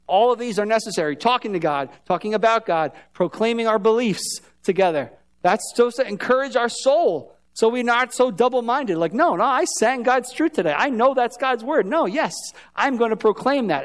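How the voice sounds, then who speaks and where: In a church sanctuary, a high-voiced male pastor delivers his sermon. He talks conversationally, asking the people in the pews questions as he goes.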